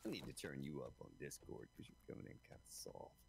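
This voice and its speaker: A man's voice: rumbling low, huge pitch swings, fast, gravelly, darkish tone, a little hiss or hum. A man streaming a game live, chatting to his viewers as he plays and talking into a broadcast microphone. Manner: chatty, talks straight to viewers as folks. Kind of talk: live gameplay commentary. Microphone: broadcast dynamic microphone.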